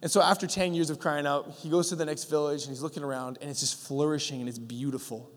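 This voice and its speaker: A young male pastor preaching in a casual, storytelling manner, stumbling through fillers and acting out little dialogues. His voice sits a touch high for a man. The sound rings with the long reverb of a large hall. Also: fairly even intonation, fast talker. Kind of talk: sermon.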